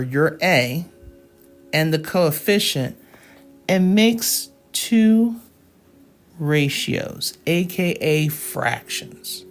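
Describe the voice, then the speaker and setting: A woman teaching a live math lesson, explaining each step patiently and checking in with her students. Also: low voice.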